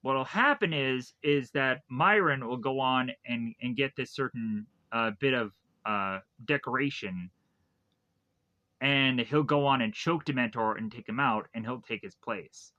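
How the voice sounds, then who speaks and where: A man's voice: mid-range voice, unhurried, bright, forceful tone. A man reviewing a movie, casually retelling the plot in a rambling way with lots of repeated phrases. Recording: dull lo-fi dry recording.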